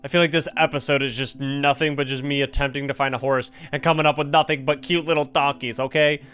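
A young man casually commenting on his own gameplay, excitable and jumpy, chatting to the animals on screen. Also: mid-range voice, fast talker, clean tone, soft background music. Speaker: gaming YouTuber. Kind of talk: casual let's-play commentary.

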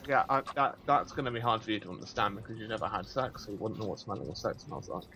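A man's voice: fairly low pitch, fast talker, noisy background. A man chatting over a game, teasing and goading his friend into doing things. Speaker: co-player and regular guest. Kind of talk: casual gaming chat.

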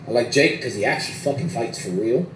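Emphatic, swearing man with lively pitch. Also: fast. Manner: emphatic, profane, repeating for stress. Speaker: media personality. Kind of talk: heated casual talk. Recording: echoey room from a distance, faint hiss.

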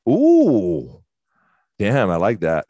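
A man with a lowish, somewhat mellow voice speaks at a moderate pace in a dry recording. He's leading a workshop in a fitness studio, giving casual live instruction in a chatty, enthusiastic way with loose fillers and offhand swearing.

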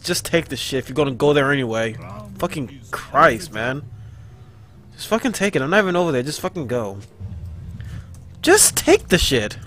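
A man's voice: medium pitch, a little hiss or hum. A man giving live, profane, easily frustrated commentary on his own gameplay. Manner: excitable, profane, quick to frustration. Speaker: gaming channel host.

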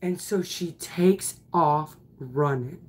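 A woman who coaches softball and teaches, telling a story in an animated, emphatic way with casual swearing. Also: low voice, takes it slowly.

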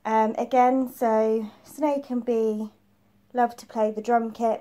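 A woman's voice: fairly high pitch, level tone, slow, warm tone. A woman preschool teacher giving a phonics lesson to young children, patiently repeating each letter sound.

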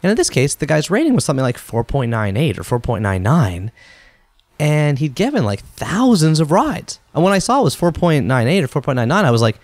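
A man hosting a podcast, telling a story in a chatty, animated way and acting out the quotes. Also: fairly high pitch, fairly quick, no echo. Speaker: podcast host.

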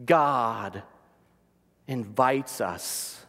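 A man preaching a sermon as pastor, earnest, sometimes dropping to a soft near-whisper for emphasis. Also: a little high, lively intonation, slow pace, in a large hall.

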